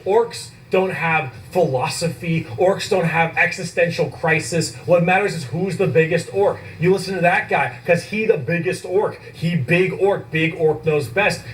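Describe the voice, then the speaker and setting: Male casual explainer with a slightly raised pitch. He is excitable and swears a lot, recorded a little off-mic. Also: normal speed, few pauses, far from the mic, a little hiss or hum, low-quality recording. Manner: enthusiastic, swears casually, repeats himself for comic effect.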